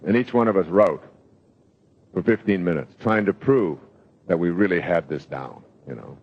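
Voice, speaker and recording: An older man giving a motivational lecture, telling stories in a reflective way with pauses and fillers. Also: low voice. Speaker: motivational speaker. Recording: dull lo-fi lecture recording.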